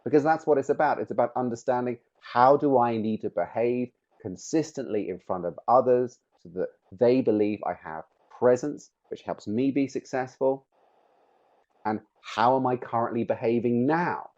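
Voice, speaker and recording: A man's voice: medium pitch, darkish tone, highs cut off. A middle-aged man presenting a webinar, speaking with emphatic, shifting stress on key words. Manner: emphatic, varies stress on words to make points.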